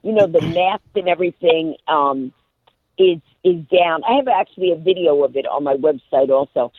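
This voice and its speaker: Animated woman telling a story by phone. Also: deep voice, moderate pace, dry recording. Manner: lively, acts out every character. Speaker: guest. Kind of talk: animated storytelling on a radio call-in. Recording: tinny phone line.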